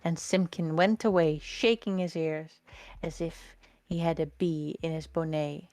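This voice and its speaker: A woman reading a storybook aloud in a slow, lilting, expressive way. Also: low voice, no echo.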